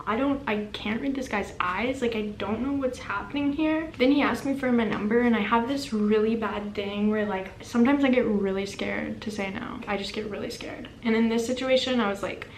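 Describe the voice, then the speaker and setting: A young woman vlogger telling a story in casual, animated, self-deprecating chat. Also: on the high side, a little hiss or hum. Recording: echoey room with faint ambience.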